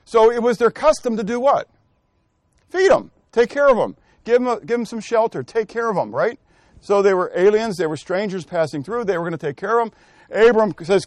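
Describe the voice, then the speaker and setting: A man's voice: sits high, expressive, moderate pace, darkish tone, no echo. A man teaching a Bible study, quizzing his class and calling on people by name while he thinks aloud and corrects himself. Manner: asks the class questions and calls on people by name. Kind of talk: interactive scripture lesson.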